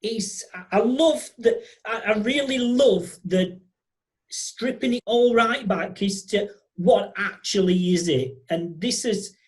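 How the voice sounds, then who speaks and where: A podcast host, chatting enthusiastically and animatedly in quick bursts. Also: mid-range voice. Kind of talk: casual interview chat.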